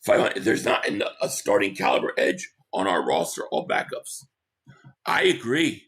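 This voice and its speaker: A man hosting a casual live stream, hoarse from losing his voice, who reads out viewer comments and gives blunt opinions. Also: fairly low pitch, huge pitch swings, fairly bright tone. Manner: opinionated, quick agreement with viewers.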